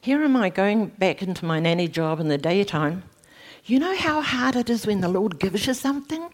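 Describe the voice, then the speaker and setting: A middle-aged woman, giving a personal faith testimony in animated storytelling, her voice leaping high at emotional moments. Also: moderate pace. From New Zealand. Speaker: speaker sharing a testimony.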